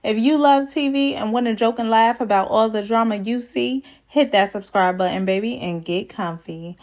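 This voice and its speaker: A chatty woman with a fairly high voice runs a casual recap of a reality dating show. She is sassy and playful, laughs at her own jokes and slips into put-on voices to quote people. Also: moderate pace.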